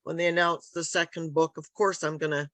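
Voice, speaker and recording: A woman's voice: deep voice, flat delivery, brisk, fairly bright tone, no room sound. A woman author being interviewed over a video call, talking in a meandering, hesitant way with many ums and restarts. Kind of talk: casual conversational interview.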